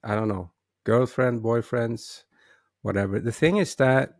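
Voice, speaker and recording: A man with a gravelly, creaky voice hosts a casual talk show on his own. He often stumbles and restarts his sentences as he talks. The sound is dry and close, with no room echo. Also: medium pitch, unhurried. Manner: hesitant, many restarts and repeated words. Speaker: host.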